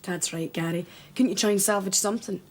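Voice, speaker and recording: An actress playing a sensible daughter in a TV soap who asks probing questions. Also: female voice, medium pitch, brisk, natural voice. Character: sensible Scottish daughter, probing and level-headed. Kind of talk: TV soap drama.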